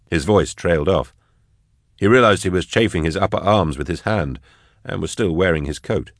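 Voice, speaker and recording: Deep-voiced male audiobook narrator. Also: expressive, normal speed, no echo, studio quality.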